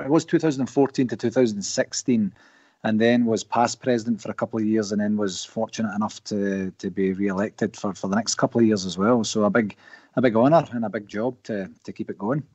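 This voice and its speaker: A middle-aged man with a Scottish accent tells his story in a relaxed way, often stopping and starting his sentences. His voice is a little husky and comes over a dull, muffled call line that sounds dry and close. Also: mid-range voice, no room sound. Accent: Scottish, Paisley. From Scotland. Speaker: guest, supporters association president. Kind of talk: casual chat.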